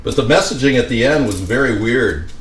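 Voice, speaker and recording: A man's voice: mid-range voice, animated, fairly quick, far from the mic, a little hiss or hum. A man rambling and joking to viewers as he cooks in his home kitchen. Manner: rambling, jokey, talks to viewers while cooking. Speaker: home cooking vlogger. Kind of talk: rambling comedic cooking vlog. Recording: roomy, off-mic with faint ambience.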